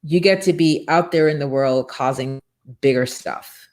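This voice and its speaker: A woman's voice: low-pitched, a little slow, darkish tone. A woman hosting a live faith-based motivational morning show, talking in a fervent, preachy way full of rhetorical questions and repetition.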